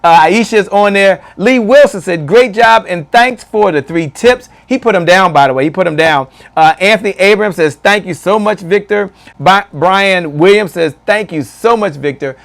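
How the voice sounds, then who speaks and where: High-voiced energetic male host. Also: moderate pace, hardly any pauses. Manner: energetic, hype, repeats phrases; calls people "man". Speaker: show host. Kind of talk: live-stream interview and shout-outs.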